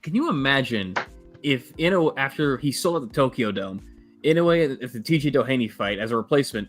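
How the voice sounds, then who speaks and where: Brief: mid-pitched male panelist, sarcastic boxing banter. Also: expressive, fairly quick, faint music behind. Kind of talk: casual boxing chat.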